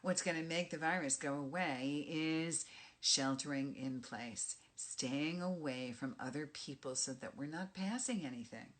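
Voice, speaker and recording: Speaking low and at a measured pace, a middle-aged woman with a New York accent, originally from the Bronx, coaches her listeners. She delivers a direct, emphatic motivational talk and hits her key phrases hard.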